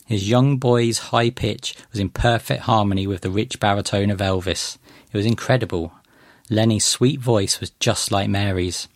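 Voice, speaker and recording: A man reading a first-person short story aloud in a gentle, measured way. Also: fairly low pitch, fairly even intonation, no room sound, studio quality. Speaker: narrator.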